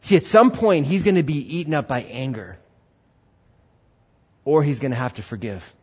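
Animated male pastor preaching a sermon. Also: mid-range voice, normal speed, slightly rough. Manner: animated, acts out quotes. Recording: dull lo-fi recording.

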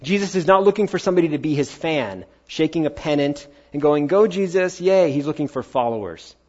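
A male pastor preaching a sermon, firing rhetorical questions and swinging between loud pushes and hushed asides. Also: fairly high pitch, fairly quick, muffled recording.

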